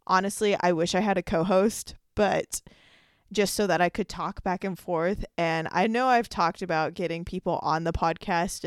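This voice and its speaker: A young woman hosts her own podcast in a casual solo monologue, chatting and rambling with plenty of "like" fillers. Her voice sits fairly low, and the recording is studio quality with no room sound.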